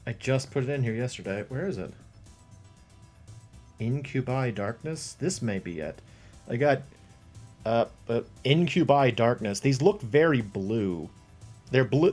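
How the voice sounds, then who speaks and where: A man hosting a live stream while he paints a model, thinking aloud, rambling and chuckling to himself as he talks to his viewers. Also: mid-range voice. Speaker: livestream host painting a model. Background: faint background music.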